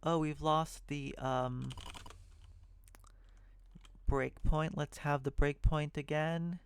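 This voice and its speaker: Slow, gravelly-voiced man thinking aloud while coding. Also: a little high, steady tone, slight background noise. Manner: thinking aloud, self-correcting, muttering asides. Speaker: programming tutor. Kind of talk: screen-recorded coding walkthrough.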